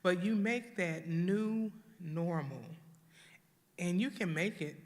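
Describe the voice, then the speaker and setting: A woman's voice: lowish voice, slow, a little mellow, in a large hall. A woman from Houston leading a church grief workshop, talking earnestly and acting out the voices of grieving people. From Houston, Texas. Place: church hall.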